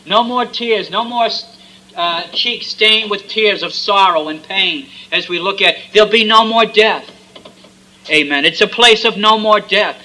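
A man's voice: sits high, bright, forceful tone, low-quality recording. A man preaching a fervent sermon, with repeated refrains and frequent amens.

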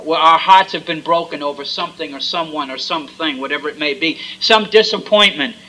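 A man's voice: on the high side, fairly quick, bright, forceful tone, rough recording. A man preaching a fervent sermon, with repeated refrains and frequent amens.

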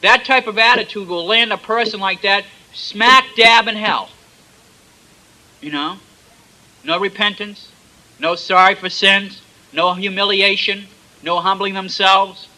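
High, sharp-voiced male preacher. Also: steady tone, a little slow, rough recording. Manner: emphatic, dramatic retelling with loudness swings. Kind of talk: sermon.

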